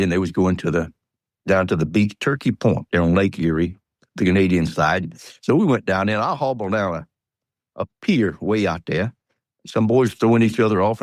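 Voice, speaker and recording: An elderly man in his eighties from Georgia, USA, speaks with a low-pitched voice and a Southern accent, telling folksy, rambling stories and chuckling as an interview guest. The recording is dry, with clean studio sound.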